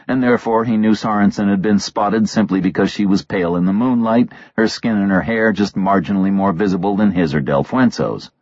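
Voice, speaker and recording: A man narrating a thriller audiobook in a measured, terse delivery on a slightly dull recording. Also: on the low side, a little mellow, breathy edge, no room sound.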